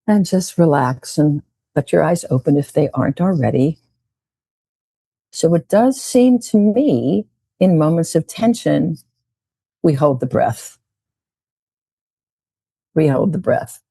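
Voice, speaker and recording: A woman meditation teacher who leads a slow, gentle guided meditation and talk, often repeating her phrases. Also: low-pitched, animated, vocal fry, husky, dry recording.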